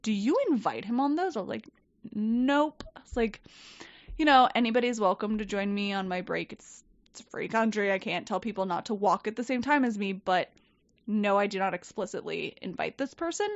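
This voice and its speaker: A woman telling a story in casual chat, animated and swearing, acting out quoted people. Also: mid-range voice, fairly quick, no room sound. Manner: animated, profane, quotes people in lively voices. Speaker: podcast guest. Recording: dull, dry podcast mic.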